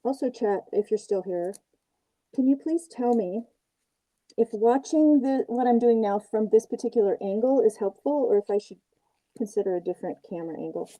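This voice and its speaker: Dark-toned older woman chatting while crafting. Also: a little high, moderate pace, rough recording. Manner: chatty, self-deprecating, narrates her work as she goes. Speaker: puppet maker and livestream host. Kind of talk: casual livestream chat while crafting. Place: porch outdoors, then home workshop.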